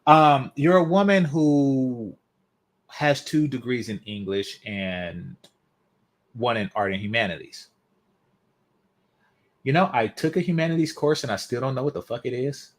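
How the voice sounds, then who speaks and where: A man's voice: mid-range voice, a little slow, pauses often. A man hosting a commentary video, mocking and sarcastic, swearing freely as he reacts. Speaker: commentary channel host.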